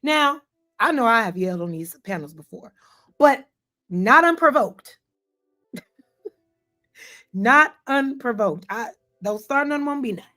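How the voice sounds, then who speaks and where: Animated woman host reacting to a clip. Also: on the high side, moderate pace, soft background music. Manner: animated, emphatic, talks to chat. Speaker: commentary host. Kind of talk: reaction commentary.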